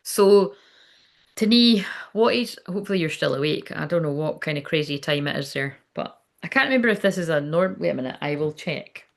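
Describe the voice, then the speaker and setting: A woman's voice: sits low, animated, fairly quick, creaky. A woman working as a psychic medium, giving a live-streamed spiritual reading in a chatty, rambling, sweary way while hiccuping now and then.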